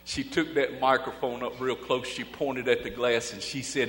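A male preacher tells a story in a sermon, speaking folksy and dramatic with pauses and swings from loud to hushed. It is recorded in an echoey hall. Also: medium pitch, flat delivery. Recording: echoey hall with faint hum.

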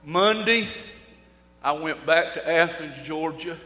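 A male preacher tells a story in a sermon, speaking folksy and dramatic with pauses and swings from loud to hushed. It is recorded in an echoey hall. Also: on the high side, animated. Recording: echoey hall with faint hum.

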